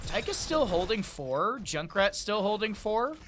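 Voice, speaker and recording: A man with a high, bright and forceful voice calls a video game match play by play. He talks in a chatty way and drops in joking asides between calls. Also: sing-song, measured pace, slight background noise. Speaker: esports caster.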